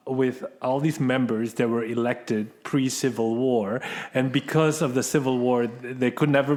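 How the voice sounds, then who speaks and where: A man in a casual podcast chat, speaking hesitantly with many pauses and ums. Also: medium pitch, a little mellow.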